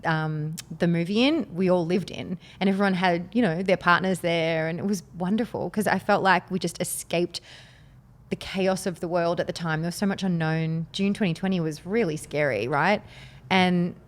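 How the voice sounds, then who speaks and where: A woman's voice: fairly low pitch, normal speed. Chatty Australian woman, laughing often. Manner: lively, laughs often, restarts words. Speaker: guest, actress and poker host. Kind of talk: casual chat.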